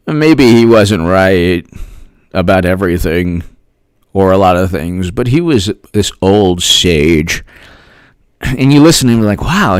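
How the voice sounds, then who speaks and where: In a studio-quality recording with no room sound, a man with a lowish voice hosts a casual political livestream. He reads chat, thanks viewers by name, and fires off animated rhetorical questions, repeating lines for emphasis.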